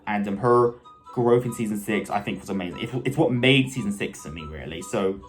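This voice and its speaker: A man's voice: fairly low pitch, fairly quick, soft background music. A man giving casual, enthusiastic commentary as a video host, rambling with frequent self-corrections and asides. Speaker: video host ranking cartoon characters.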